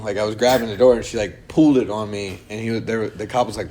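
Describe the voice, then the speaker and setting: A man's voice: lowish voice, racing, few pauses, dark tone, a little hiss or hum. A young man casually telling a long, rambling story to friends on a podcast, acting out quotes and swearing freely. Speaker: podcast co-host.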